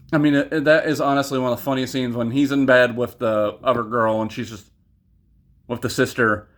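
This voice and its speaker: A man's voice: medium pitch, steady tone, normal speed, a bit bright. Rambling, foul-mouthed young man reviewing a film. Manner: rambling, profane, goes off on tangents. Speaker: movie reviewer. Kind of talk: casual spoken review.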